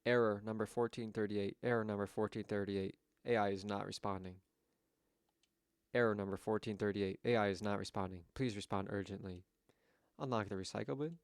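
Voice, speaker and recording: A man plays a malfunctioning male android doctor, cold and broken. The voice sits low and gravelly as it recites its error codes in a flat, mechanical drone. The sound is close and dry. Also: brisk, dry recording, close to an everyday voice. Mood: robotic. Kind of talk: voicing a visual novel game.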